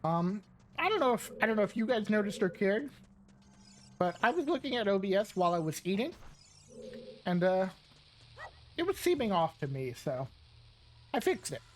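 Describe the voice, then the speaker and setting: A young woman chats casually on a live game stream. Her voice swings widely in pitch as she rambles, laughing often and pausing to eat. She talks close to a desk microphone. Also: very animated, a little hiss or hum. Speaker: VTuber streamer. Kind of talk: casual live-stream chat while gaming.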